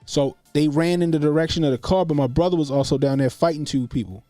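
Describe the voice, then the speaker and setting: Casual streamer, man, animated and profane, dry close mic. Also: fairly high pitch, quick pace, no echo, soft background music. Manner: animated, profane, acts out quotes. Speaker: host. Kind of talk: casual livestream commentary.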